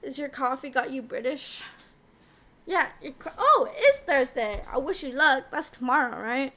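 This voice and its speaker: A woman's voice: high-pitched, animated, moderate pace, bright, forceful tone. A woman streamer chatting casually and playfully with her viewers, teasing them and asking how they are.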